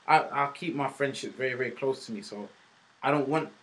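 A man's voice: mid-range voice, brisk, fairly bright tone, poor audio. A man, a podcast guest who talks frankly and casually, with lots of fillers and slang. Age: 20s. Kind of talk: casual interview chat.

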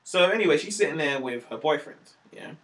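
A young man, a stand-up comedian chatting casually and telling animated, slangy stories, acting out the voices of the people in them. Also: fairly high pitch, brisk. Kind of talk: casual storytelling chat.

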